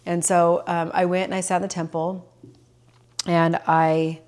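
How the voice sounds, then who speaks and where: A woman's voice: on the low side, level tone, measured pace, a little mellow. A middle-aged woman hosting a personal podcast, talking earnestly and openly emotional about her own life, with plenty of fillers and restarts. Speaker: podcast host. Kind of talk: personal reflective podcast monologue.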